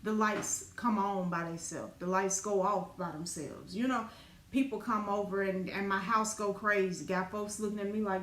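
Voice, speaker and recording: A middle-aged woman, a spiritual teacher, telling a raw personal story in an animated, profane, dramatic way. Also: mid-range voice, normal speed. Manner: animated, profane, dramatic retelling with colloquial speech. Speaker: spiritual teacher and business owner. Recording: echoey room with faint ambient noise.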